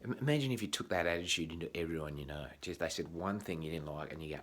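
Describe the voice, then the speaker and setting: A man's voice: low voice, fairly bright tone, a little hiss or hum. An Australian man vlogging in a casual, rambling monologue, swearing often and restarting his sentences. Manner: frequent swearing, halting restarts.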